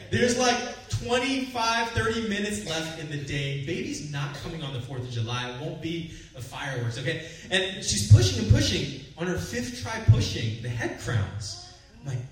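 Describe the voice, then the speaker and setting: A young man, a pastor, telling a personal story in a sermon with lively build-ups. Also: high-pitched, moderate pace. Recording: echoey room from far off.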